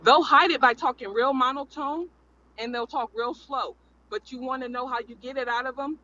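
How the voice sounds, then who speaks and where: High, bright-voiced man, rambling and emphatic. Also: a little fast, muffled recording, a little hiss or hum. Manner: rambling, emphatic, repeats himself. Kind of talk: casual panel chat.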